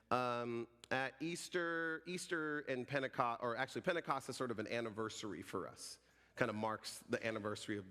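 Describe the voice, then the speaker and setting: A man in his forties, a pastor giving a sermon as an animated, joking storyteller. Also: mid-range voice. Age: 40s. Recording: reverberant hall.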